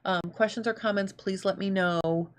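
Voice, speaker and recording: A woman's voice: mid-range voice, fairly even intonation, moderate pace. A woman hosting a live sewing show, thinking aloud in casual chat and reading out viewer comments.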